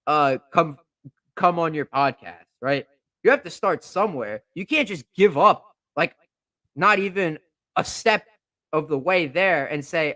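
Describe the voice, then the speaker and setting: A man's voice: sits high, pushed and bright, no echo. A young man hosting a podcast, ranting in a fired-up, indignant way and repeating himself as he builds steam. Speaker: podcast host. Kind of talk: heated podcast rant. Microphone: podcast microphone.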